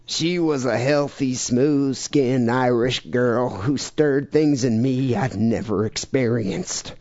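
A man voicing a creepy Southern male cult leader in a slow, drawn-out reading style. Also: medium pitch, a little mellow, highs cut off, lightly acted. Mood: reminiscing.

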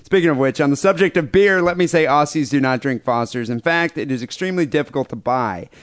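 A man's voice: fairly high pitch, quick pace, no echo, clean studio sound. An American man co-hosting a crude comedy podcast, reading listener emails aloud with sarcastic asides. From United States. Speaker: podcast co-host.

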